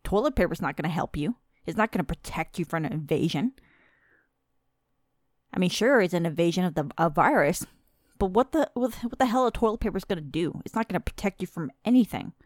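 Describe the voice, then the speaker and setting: A woman in her thirties hosting a podcast, ranting in a casual, exasperated and profane way, with sharp emphatic bursts. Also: on the low side, animated, fairly quick, no room sound, clean studio sound. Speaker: podcast host. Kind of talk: casual rant.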